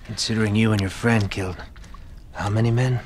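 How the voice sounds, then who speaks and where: An actor playing a calm, cold male cannibal leader in a video game, speaking in a measured, quietly persuasive way. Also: on the low side, a little hiss or hum, close to an everyday voice.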